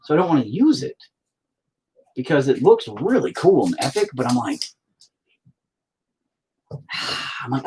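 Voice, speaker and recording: An artist painting on a stream rambles, jokes and swears often in casual chat at home by the dining table. His mid-range voice swoops wildly in pitch, darkish in tone, unhurried, and he pauses often. The audio is poor, with a little hiss or hum.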